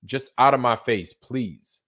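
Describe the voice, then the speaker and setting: A man's voice: mid-range voice, fairly bright tone. A man in the middle of a casual livestream, talking to his viewers in a loose, meandering way. He takes his time with every phrase, curses without holding back, and often circles back to repeat himself before drifting off. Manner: slow, loose, swears freely, trails off and repeats himself. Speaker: livestream host. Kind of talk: rambling late-night livestream chat.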